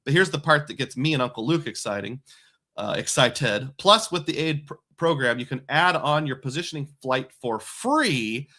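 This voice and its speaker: A man's voice: mid-range voice, animated, normal speed, bright, forceful tone. A man hosting a live stream, chatting casually and rambling as he reads viewer comments aloud. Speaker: livestream host.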